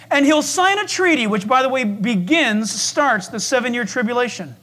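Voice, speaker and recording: Dramatic preacher, loud then hushed. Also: male voice, very high-pitched, expressive, normal speed, hardly any pauses. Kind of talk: sermon.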